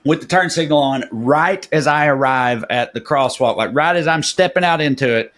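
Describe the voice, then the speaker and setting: A man tells a story on a podcast in a loose, rambling way. He fills the gaps with "like" and restarts, and his voice sits slightly higher than most men's. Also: moderate pace. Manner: rambling, many "like" fillers, animated retelling. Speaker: podcast co-host. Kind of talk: casual storytelling chat.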